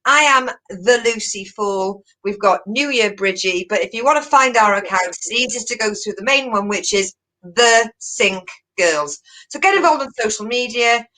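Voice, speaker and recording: A woman co-hosting a casual online chat show, chatty and giggly with quick asides. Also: on the high side, expressive, pushed and bright, poor audio. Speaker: co-host.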